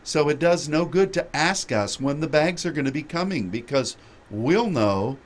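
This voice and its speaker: A man's voice: a little high, lively intonation, normal speed, lightly acted. A man voicing a young male airport staffer making a formal, apologetic announcement.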